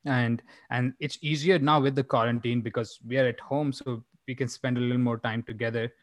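A man's voice: medium pitch, steady tone, fairly quick, dry recording. A young man from India, a stand-up comedian talking casually as a podcast guest, rambling with many fillers and restarts. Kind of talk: casual chat.

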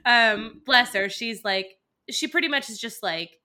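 A chatty podcast co-host, a woman in her thirties. Her voice is bright and sharp. She strings thoughts together with lots of "like". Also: fairly high pitch, measured pace. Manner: chatty, lots of "like", laughs easily. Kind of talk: casual chat.

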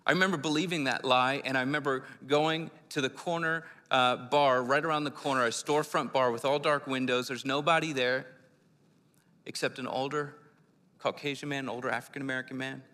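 A man's voice: mid-range voice, steady tone, brisk, sharp tone. A man from Philadelphia preaching a sermon, telling his own testimony in an earnest, conversational way. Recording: long hall reverb.

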